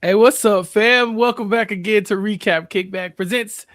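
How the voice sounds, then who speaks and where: High-voiced upbeat male podcast host. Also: moderate pace, a bit bright, no room sound, studio quality. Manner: upbeat, chatty, laughs often. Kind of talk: casual podcast recap chat.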